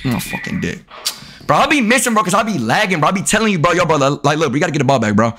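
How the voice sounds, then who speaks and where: Guy streaming a game, swears nonstop, voice jumps all over, yells at chat. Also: a little high, animated, racing, slight background noise. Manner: profane trash-talking, yelling outbursts at the game and chat. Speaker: video game live streamer. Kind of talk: casual live-stream commentary while gaming.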